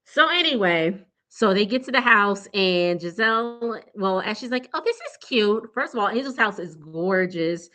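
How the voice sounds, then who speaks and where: A young woman talks through a reality show recap in a loose, chatty way. Her voice sits at an ordinary middle pitch, and she is blunt and quick to laugh as she speaks straight to her viewers. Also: animated, bright, forceful tone. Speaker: TV recap vlogger. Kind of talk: casual recap chat.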